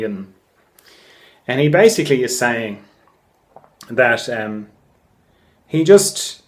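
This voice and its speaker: A man, a therapist hosting a podcast, telling a story in a relaxed monologue, laughing often and swearing casually. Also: mid-range voice. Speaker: podcast host; craniosacral therapist.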